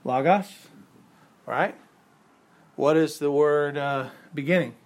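A man with a fairly high voice leads a classroom lecture on scripture. He explains patiently, goes back over key points, and tosses questions to the class. Now and then he chuckles at his own examples. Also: slow pace. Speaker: Bible class teacher.

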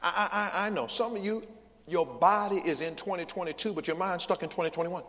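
A male pastor preaching a sermon, leading the congregation in call-and-response with loud, emphatic bursts. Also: high voice, brisk. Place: large church sanctuary. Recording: long church hall reverb.

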